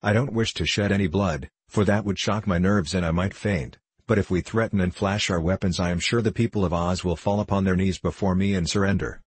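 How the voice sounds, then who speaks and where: Man voicing a haughty young storybook queen, warlike and commanding, low husky voice, dry sound. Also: steady tone, fairly quick, few pauses, dry recording. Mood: scheming. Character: ambitious, blustering young queen, woman. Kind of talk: audiobook character reading.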